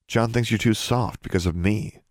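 A man's voice: lowish voice, normal speed, no room sound, clean studio sound, pitched above the performer's own voice, natural voice. A man voicing an earnest, stubborn teenage girl who pleads and teases in a storybook reading.

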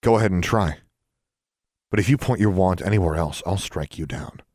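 A determined teenage girl in a storybook speaks coldly and firmly, voiced by a man in his own deep register. Her lines come out clipped and hard, close and dry on the mic. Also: normal speed, a little mellow, no room sound. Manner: clipped, firm.

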